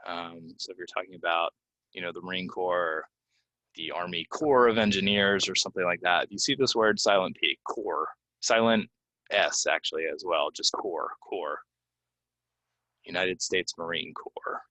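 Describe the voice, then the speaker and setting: Male teacher, deep and bright, dry close sound, casual and filler-heavy. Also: dry recording, low-quality recording. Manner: casual, explains with many fillers and repeats words slowly. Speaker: English pronunciation teacher. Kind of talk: relaxed video lesson. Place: Florida.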